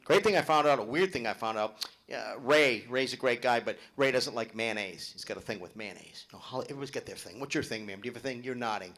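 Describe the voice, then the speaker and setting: A man's voice: mid-range voice, fast, hardly any pauses, a bit bright. A middle-aged male stand-up comic doing a live set, brash and profane, teasing people in the audience. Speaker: stand-up comedian. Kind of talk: live stand-up comedy with crowd work.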